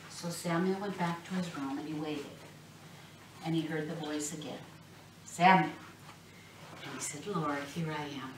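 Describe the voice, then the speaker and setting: A woman's voice: low voice, expressive, normal speed, fairly bright tone, a little hiss or hum. A woman telling a Bible story to children, acting out the voices and asking the children questions. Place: classroom or church room. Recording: echoey room, recorded from a distance.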